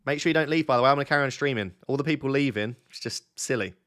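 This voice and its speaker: A man's voice: mid-range voice, very fast, a bit bright. A young man hosting a casual late-night live stream from his bed at home, chatty and teasing as he talks to his chat. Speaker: fantasy football streamer, host.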